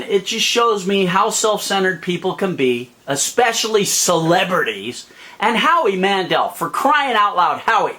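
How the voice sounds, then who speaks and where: A man's voice: high voice, pushed and bright. A man in a heated, profane rant to camera, exasperated and sweating under a hot light. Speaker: vlogger. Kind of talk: angry ranting monologue to camera.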